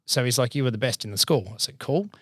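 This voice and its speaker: This Australian accountant and business owner, in his thirties, talks very fast in a husky, mid-range voice as he casually and animatedly tells his career story, imitating those he quotes. It's studio quality with no echo.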